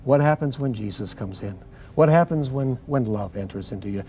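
An older man telling his testimony as a guest in a TV interview, fervent and swinging between loud and soft like a preacher. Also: medium pitch, expressive, normal speed, husky.

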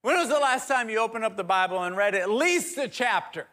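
A man's voice: sits high, animated, a little fast, sharp tone, voice pushed up. A man doing a stern scolding father. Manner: scolding, firm questioning.

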